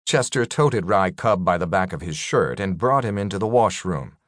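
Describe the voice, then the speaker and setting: A male audiobook narrator giving a measured, expressive reading of a science fiction story. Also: deep voice, dry recording, clean studio sound. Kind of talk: scripted narration.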